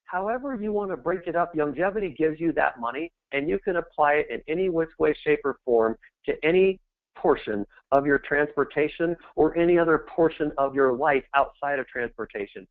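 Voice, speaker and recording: A middle-aged man pitching with pep-rally energy, his voice sitting a little high for a man. The sound is thin and phone-like, dry with no room around it. He builds the numbers up and pushes hard to convince. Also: a little fast, no room sound. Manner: energetic, pep-talk delivery that climbs to shouting peaks. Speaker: network marketing presenter. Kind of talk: motivational sales presentation.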